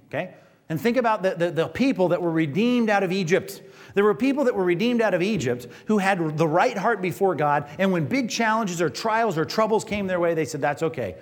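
A male pastor giving a conversational sermon, often asking the congregation questions. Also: high voice. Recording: reverberant hall.

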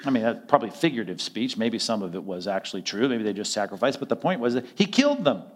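A man's voice: on the low side, very animated, fast. Man preaching a conversational sermon. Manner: conversational preaching that acts out quoted dialogue. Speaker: pastor.

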